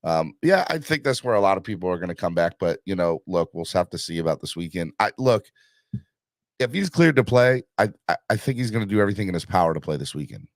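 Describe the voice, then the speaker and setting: Low-voiced hyped man hosting a livestream. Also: big pitch swings, quick pace, no echo, studio quality. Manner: hyped, pushes viewers for likes and donations; rambling with many fillers. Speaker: livestream host. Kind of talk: casual live-stream sports chat.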